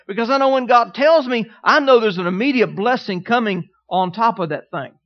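Male preacher, middle-aged, high voice, storytelling sermon style, dull lo-fi recording. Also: expressive, fairly quick. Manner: storytelling preacher, calls out "Amen?" to the congregation. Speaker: pastor.

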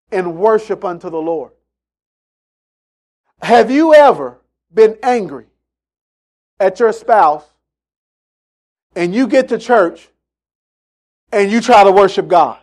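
High-voiced emphatic male preacher. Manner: emphatic, repeats phrases, acts out quotes in story. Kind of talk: sermon.

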